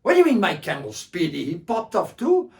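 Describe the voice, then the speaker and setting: Guy putting on a high, loud, greedy desert nomad, gravelly edge, mic a bit far off. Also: huge pitch swings, a little fast, exaggerated voice. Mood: alarmed. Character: stingy, excitable old desert nomad man. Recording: distant mic.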